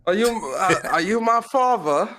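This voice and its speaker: Dude putting on a high whiny kid voice, begging for his dad, jokey. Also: lively intonation, moderate pace, sharp tone. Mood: mock pleading. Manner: pleading, mocking. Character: whiny young boy begging to know his father.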